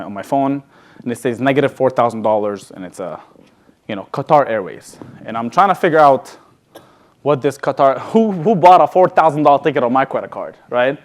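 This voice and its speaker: Speaking in a large event hall at a sales event, a man shares a moving personal story in a conversational style, frequently restarting and dropping to a hushed tone. His voice is mid-range, and a little hiss or hum can be heard.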